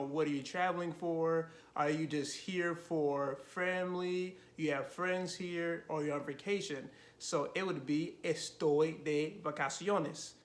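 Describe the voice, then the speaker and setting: Male language teacher, a bit high-pitched, slow and careful delivery. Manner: slow, careful modeling of phrases. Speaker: Spanish teacher. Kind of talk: language lesson to camera.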